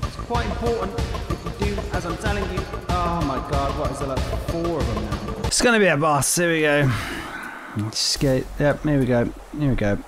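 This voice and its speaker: A man giving foul-mouthed, excitable let's-play commentary over a video game. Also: a little high, moderate pace. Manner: profane, excitable reactions. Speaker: gaming YouTuber. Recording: game music playing loudly underneath.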